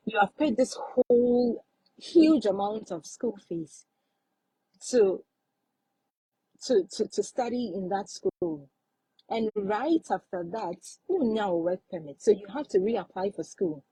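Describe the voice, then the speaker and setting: Female live-stream host, casual advice chat; warm, husky voice, dry close recording. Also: medium pitch, expressive, slow pace, no room sound, low-quality recording. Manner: chatty, repeats points for emphasis.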